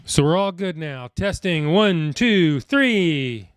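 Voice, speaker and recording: A man's voice: fairly high pitch, lively intonation, slow, clean tone. A man hosting a live stream, chatting casually with viewers and muttering to himself while fixing his audio.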